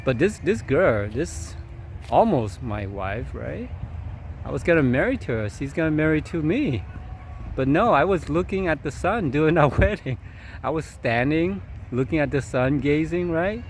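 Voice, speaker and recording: A man's voice: a little high, expressive, moderate pace, slight background noise. A man telling a long, meandering personal story outdoors as a vlogger, chuckling now and then and leaning on fillers. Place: outdoors at sunset.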